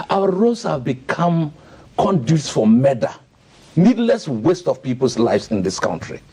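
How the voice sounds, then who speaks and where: An indignant Ghanaian man holds forth on a radio panel. His voice swings widely in pitch and has a mellow, slightly husky tone. He piles up rhetorical questions in a heated, impassioned way. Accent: Ghanaian English. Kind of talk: heated radio talk-show commentary. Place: radio studio.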